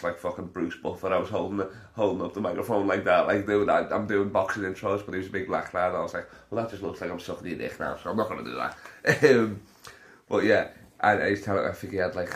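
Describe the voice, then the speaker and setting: A man hosting a podcast, telling rambling, sweary stories and laughing at his own jokes. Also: deep voice. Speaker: podcast host. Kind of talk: casual storytelling monologue.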